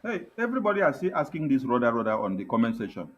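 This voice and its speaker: A man with a Nigerian accent chatting in Pidgin English on an online call, giving directions and spelling words out slowly. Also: mid-range voice, sing-song, lo-fi sound. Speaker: online broadcast panelist. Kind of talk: casual group chat in Nigerian Pidgin English.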